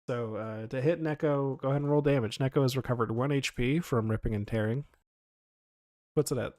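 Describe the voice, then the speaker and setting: A man's voice: medium pitch, a little mellow, dry recording. A man running a tabletop role-playing game as game master, often stopping to search for his words. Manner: halting, searches for words mid-sentence.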